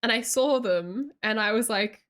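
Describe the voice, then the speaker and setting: A woman's voice: fairly high pitch, a little slow, fairly bright tone. A woman chatting casually on a livestream, reading chat aloud and telling stories with lots of giggles.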